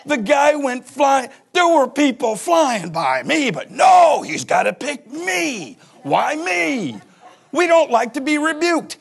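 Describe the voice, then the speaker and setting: A man's voice: extremely high pitch, very animated, slow, gravelly. A man in his forties, a pastor giving a humorous sermon and acting out little scenes as he laughs. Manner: joking storyteller who acts out voices and laughs.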